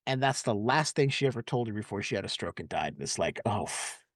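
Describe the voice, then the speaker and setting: A man's voice: lowish voice, animated, quick pace, no room sound, studio quality. A man on a podcast retelling movie scenes in a casual chat, acting out quotes and laughing often. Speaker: podcast host.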